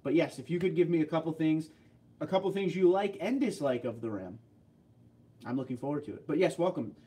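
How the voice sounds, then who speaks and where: A man's voice: on the high side, expressive, brisk, warm tone. A man from New Jersey hosting a casual livestream, chatting and joking as he reads and answers viewer comments. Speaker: livestream host.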